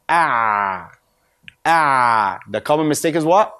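A man teaching correct Quran recitation. He stretches out model words slowly, then explains quickly and asks questions that he answers himself. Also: medium pitch, lively intonation. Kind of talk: recitation lesson.

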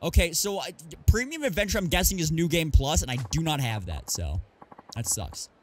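A man's voice: on the high side, big pitch swings, moderate pace, slight background noise. A man streamer chatting casually over gameplay, reading item names aloud and joking about the game.

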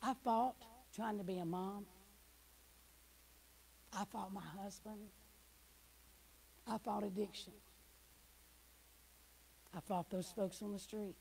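A middle-aged woman shares her testimony as a guest speaker in church. Her voice has a gravelly edge and sits at a middle pitch, with a faint hiss behind it. She drops to near hushes, then surges loud with emotion. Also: fairly even intonation, takes it slowly, pauses often, rough recording. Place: church hall.

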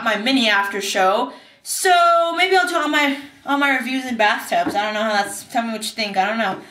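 A woman's voice: fairly high pitch, sharp tone, roomy sound, distant mic. A young woman recapping a TV episode in a casual vlog, bubbly and acting out scenes in silly voices. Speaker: TV recap vlogger. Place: bathtub.

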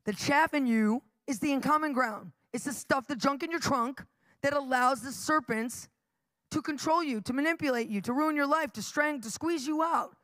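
Lady preacher, high bright voice, lively story-telling, laughs a lot, dry close sound. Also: moderate pace, no room sound. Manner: animated storytelling, laughs often, acts out dialogue. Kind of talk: energetic live preaching.

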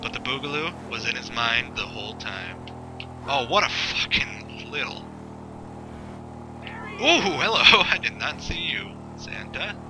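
A man's voice: medium pitch, big pitch swings, a little slow, heavy background noise. A man giving rambling, sarcastic gameplay commentary, swearing often and talking to himself as he plays. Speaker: gameplay video host.

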